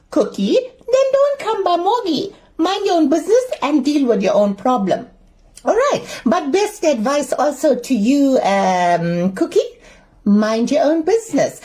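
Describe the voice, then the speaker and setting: A blunt, nosy auntie with a South African Indian accent, as a woman puts her on, scolding with crude sayings. The voice sits high and swoops all over, yet the tone stays mellow and dark. A comic advice monologue. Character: bossy middle-aged auntie, blunt, nosy. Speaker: advice segment character.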